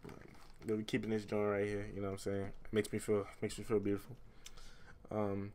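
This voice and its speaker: A man's voice: on the low side, completely flat delivery, a little fast, darkish tone, slight background noise. A male streamer reading a story game aloud, breaking off with rambling, self-mocking jokes and laughter.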